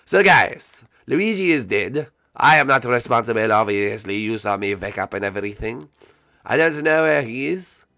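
A man's voice: mid-range voice, animated, moderate pace, pushed and bright, dry recording, studio quality. A man voicing a boastful, vain male Koopa turtle with a mock French accent and broken English in a Minecraft role-play. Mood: scheming. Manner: broken English, hammy, self-important. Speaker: regular character in a series.

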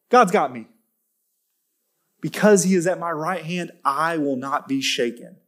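Earnest man preaching a sermon. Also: a little high. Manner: earnest, builds to emphatic lifted delivery when stressing points; conversational with self-corrections and restarts. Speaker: pastor. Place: church.

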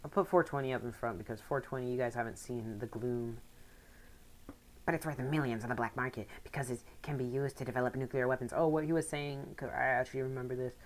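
A woman giving casual let's play commentary, rambling with excitable outbursts. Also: a bass voice, fast talker, a little hiss or hum. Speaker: gaming commentator.

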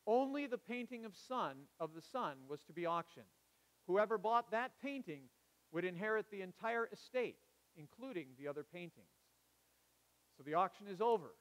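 A man voicing a persistent male auctioneer who calls out bids loudly. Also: high-pitched, pitched above the performer's own voice. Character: insistent male auctioneer at an estate sale.

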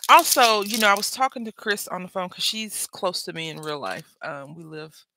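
In a papercraft session, the host, a parent of school-age children, rambles casually and chattily while working, with plenty of self-interruptions. The mid-range voice moves at a normal speed, and background noise is audible.

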